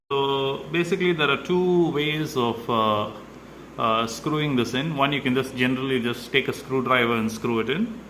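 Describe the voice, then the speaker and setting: Man, mid-pitch, hesitant DIY vlogger narrating as he works, noisy home recording. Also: fairly bright tone. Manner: hesitant, many "uh" fillers, explains step by step. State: slightly out of breath. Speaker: DIY video maker. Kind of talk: casual how-to narration while working.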